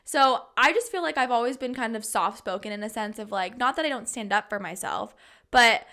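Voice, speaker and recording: A woman's voice: fairly high pitch, a little fast, sharp tone. A woman in her twenties co-hosting a podcast, talking candidly and laughing often in casual chat. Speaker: podcast co-host.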